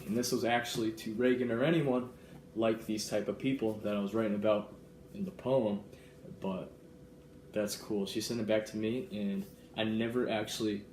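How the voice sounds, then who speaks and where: A young man vlogging in an earnest, excitable way, reading a gift card and verses aloud. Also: fairly low pitch, a little hiss or hum. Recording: roomy echo with faint ambience.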